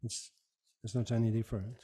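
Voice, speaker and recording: A man's voice: medium pitch, flat delivery, fairly quick, dark tone, breathy edge. A man testifying as an expert witness, giving brief, matter-of-fact answers. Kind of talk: formal testimony.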